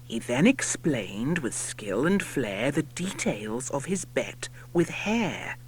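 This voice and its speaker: A man's voice: medium pitch, big pitch swings, takes it slowly, slight background noise. A man narrating a rhyming storybook audiobook in a playful, theatrical way, dropping to a whisper on some lines. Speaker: audiobook reader.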